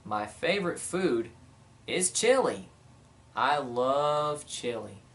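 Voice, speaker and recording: A man's voice: medium pitch, sing-song, takes it slowly, fairly bright tone, distant mic. Rambling chatty man answering questions. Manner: rambling, chatty, lots of "you know" and "uh". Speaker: vlogger. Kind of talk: casual Q&A vlog.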